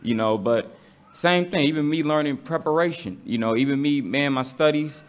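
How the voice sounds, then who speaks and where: A man's voice: fairly high pitch, normal speed. A man with a casual, slangy manner, teaching a Bible study to a congregation and asking the room questions.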